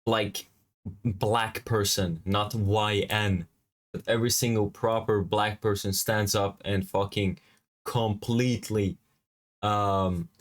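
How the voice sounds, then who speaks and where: A man's voice: lowish voice, steady tone, takes it slowly. A man hosting a reaction video, ranting in a rambling, heavily profane, agitated way with many restarts.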